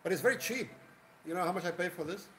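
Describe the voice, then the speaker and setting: A man's voice: high-pitched, fast talker, fairly bright tone, echoey room, slight background noise, rough recording. A man hosting a casual live stream, rambling and greeting viewers by name. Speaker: livestream host.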